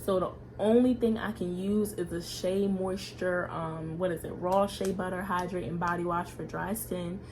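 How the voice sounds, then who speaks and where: A young woman chats into her camera at home in a loose, rambling vlog style, leaning on "like" and "y'all". Her voice sits fairly low. A faint hiss runs under the recording. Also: fairly even intonation, moderate pace, few pauses. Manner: chatty, frequent "like" and "y'all" fillers. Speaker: vlogger. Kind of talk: casual vlog chat.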